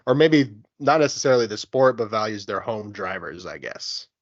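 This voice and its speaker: A man with a fairly low voice chats on a podcast. He muses aloud in short, hedging remarks. The recording is slightly dull. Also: lively intonation, normal speed. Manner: brief, musing reactions. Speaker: podcast co-host. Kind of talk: casual podcast chat. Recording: dull lo-fi sound.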